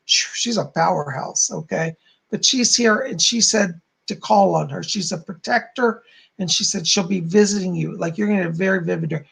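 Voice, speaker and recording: A man's voice: sits high, gravelly, breathy edge. A man hosting a live stream as a psychic medium, reading viewers' messages and passing on reassurances in a soothing way. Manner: warm, reassuring, calls viewers darling.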